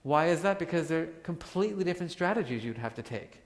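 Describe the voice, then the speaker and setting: A man giving a live talk to an audience, animated and joking as he acts out examples. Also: a little high, fast. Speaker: workshop speaker. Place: large hall with audience. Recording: hall reverb.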